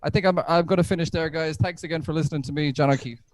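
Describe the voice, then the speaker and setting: Man, stand-up comedian, video call from home, chatty, laughs at own jokes, slightly high voice. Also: fairly even intonation, rapid-fire.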